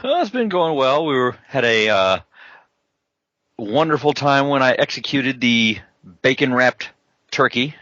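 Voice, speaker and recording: A man's voice: mid-range voice, animated, measured pace, long pauses, bright, forceful tone, no echo. Wisecracking male podcast co-host. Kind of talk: casual chat. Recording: dull, lo-fi podcast audio.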